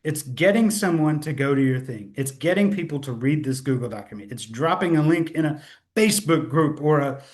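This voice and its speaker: A man's voice: a little high, animated, fairly quick, a little mellow. A man hosting a live sales webinar, upbeat and chatty, correcting himself and laughing at his own slip-ups, speaking into a computer mic. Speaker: webinar host.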